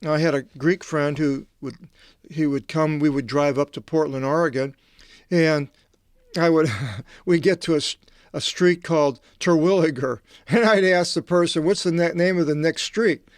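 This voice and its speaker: Man reading scripture, crisp and dry. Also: on the high side, steady tone, no room sound. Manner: meandering, digressive, halting asides. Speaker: Bible translator teaching.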